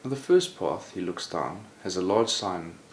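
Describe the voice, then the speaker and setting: A man telling a story aloud in a relaxed, conversational way, often slipping in "sort of" as he goes. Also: deep voice, moderate pace. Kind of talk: oral storytelling. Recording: roomy echo, faint background noise.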